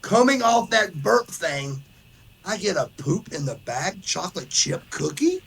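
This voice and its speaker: A man's voice: high voice, a little slow, gravelly, slightly rough. A man hosting a podcast, telling a rowdy story in casual chat and acting out the other people's lines as he goes. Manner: animated storyteller, says "brother", acts out quotes. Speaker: podcast host.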